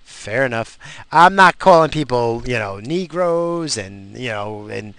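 A man's voice: mid-range voice, lively intonation, a little slow, a bit bright, smooth. A man in a car, talking while he drives, in a crude, profane, rambling monologue.

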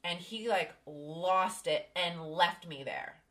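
A woman's voice: fairly low pitch, slow, a bit bright. A woman hosting a podcast, candidly telling a personal story with emphasis. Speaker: podcast host. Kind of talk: casual podcast conversation.

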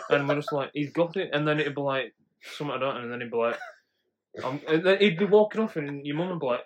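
A young man, a podcast co-host telling stories in casual chat, animated and laughing often. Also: on the high side, quick pace.

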